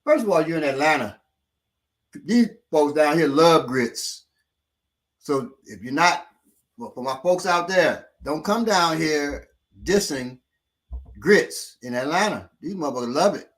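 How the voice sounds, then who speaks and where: Guy with a kinda high voice, telling stories all slangy and cussing, laid-back chat. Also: measured pace. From Chicago. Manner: animated, profane, slangy storytelling. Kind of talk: casual storytelling chat.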